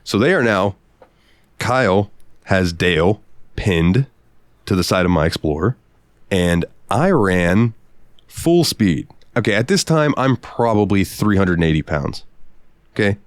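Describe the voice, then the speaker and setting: A man co-hosting a podcast, telling profane, animated stories in casual chat. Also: lowish voice, a little slow, long pauses, dry recording. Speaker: podcast co-host. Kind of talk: casual storytelling.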